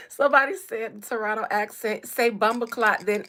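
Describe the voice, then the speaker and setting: A woman hosting a casual livestream, animated, calling out viewers and laughing often. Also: on the high side, a little slow. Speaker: livestream host.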